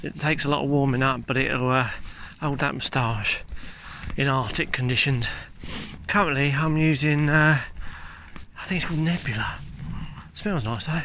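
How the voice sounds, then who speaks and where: With a handheld camera recording as he walks through the countryside, the man keeps up a casual, candid vlog chat. His medium-pitched voice is bright and forceful at a moderate pace, over faint outdoor ambience and slight hiss or hum.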